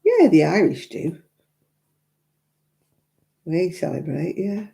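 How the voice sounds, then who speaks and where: A frank, chatty Englishwoman hosts a live crafting stream, answering her viewers' comments as she goes. Her voice is very dark and mellow. She laughs easily and speaks her mind. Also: lowish voice, huge pitch swings, slow, gravelly. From England. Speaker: crafting livestream host. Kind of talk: chatty livestream talk.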